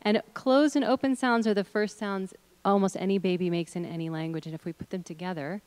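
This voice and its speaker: A middle-aged woman guides a group through a hands-on voice workshop, encouraging everyone and breaking into hums and chanted syllables to demonstrate. Her pitch sits in an ordinary middle range. The sound is close and dry, with no room around it. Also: fairly even intonation, fairly quick, a little mellow, smooth, no room sound. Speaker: workshop leader. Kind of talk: leading an audience in voice exercises.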